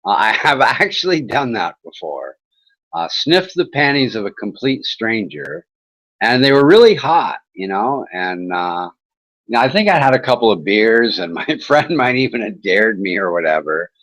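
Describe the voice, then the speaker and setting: A man's voice: on the low side, sing-song, moderate pace, a bit bright, poor audio. A man hosting an internet talk show, chatting in a casual, rambling way with mocking sarcasm and swearing.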